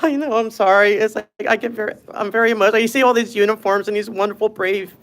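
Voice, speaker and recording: A woman's voice: mid-range voice, fairly even intonation, fast. Earnest, emotional woman making a public comment. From Los Angeles. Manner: emotional, choked up, earnest pleading.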